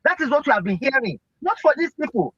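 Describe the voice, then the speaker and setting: A man's voice: very high-pitched, sing-song, quick pace, fairly bright tone, no room sound, dull audio. A man with a Nigerian accent speaking in an online audio room, giving heated political talk with impassioned, rhetorical questions. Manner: impassioned, rhetorical, keeps asking "Eh?".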